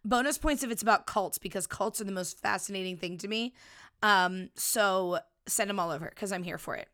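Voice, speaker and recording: A woman in her thirties hosts a solo podcast on a studio microphone, chatting playfully and casually and swearing freely. Her medium-pitched voice is fairly quick, bright and forceful.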